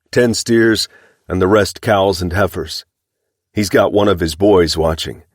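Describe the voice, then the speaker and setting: A blunt, menacing rider on the range , as a man puts him on, calling out loudly with grim humor. The low voice is raised and lifted, recorded close and dry. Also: no room sound. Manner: loud, called-out reports, grim humor. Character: hard-riding male ranch hand, blunt and menacing.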